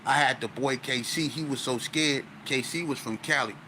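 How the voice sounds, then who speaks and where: Guy telling a wild story, slangy and stuttery, pretty bright tone, faint hum behind. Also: medium pitch, moderate pace, rough recording. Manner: animated, slang-heavy, stuttering restarts. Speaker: guest. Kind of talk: storytelling interview.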